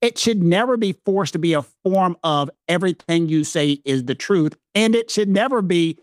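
A man from the American South with a Southern accent, co-hosting a casual legal discussion, animated and emphatic. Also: sits high, normal speed, no room sound, studio quality. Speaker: legal commentator co-host.

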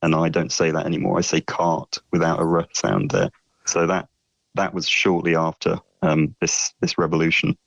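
A man's voice: deep voice, normal speed, creaky, no room sound, muffled recording. A man, a dialect coach, answering an interviewer hesitantly with many ums.

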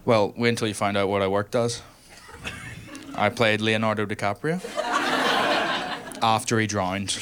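A man's voice: on the low side, flat delivery, moderate pace, long pauses, noisy background. A man with a Northern Irish accent doing a stand-up comedy set in a small live room, brash and teasing the crowd. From Northern Ireland.

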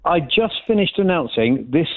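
Man, radio caller, jokey storyteller, lively pitch, tinny phone line. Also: a little fast, no room sound. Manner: jokey, animated anecdote-teller.

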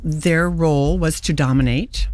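A woman's voice: sits low, a little slow, darkish tone, a little hiss or hum. An older woman, an actress and playwright, speaking earnestly and reflectively in a radio interview. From United States. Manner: earnest, reflective, with frequent restarts. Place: radio studio.

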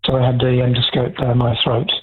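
A man's voice: medium pitch, monotone, fairly quick, breathy edge. Give me a man phoning in to a radio show, candid and rambling, heard over a thin phone line. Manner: frank, rambling with restarts.

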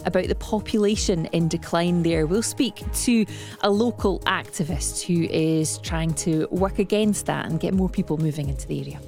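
A woman co-hosting a morning radio show. Her lowish voice has a gravelly edge. Faint music plays under her close, dry studio sound. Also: normal speed, darkish tone. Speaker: breakfast radio co-host. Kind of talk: live radio chat. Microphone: studio microphone.

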